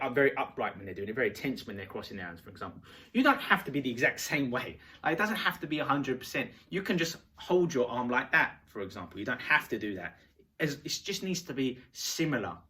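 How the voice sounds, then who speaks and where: A man teaching about rapport in a casual, animated way, acting out short dialogues. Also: medium pitch. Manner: animated, acts out little dialogues. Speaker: self-help coach.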